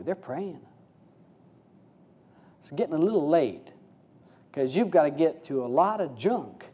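A man teaching as a spiritual speaker in an informal sermon, folksy and full of rhetorical questions, swinging between hushed low passages and raised, quicker ones. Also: animated.

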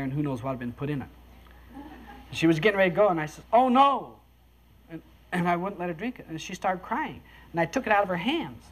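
A speaker, casually telling a story to listeners, chuckling often and acting out the voices of the people in it. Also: medium pitch. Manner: folksy, chuckles between lines, acts out quoted voices.

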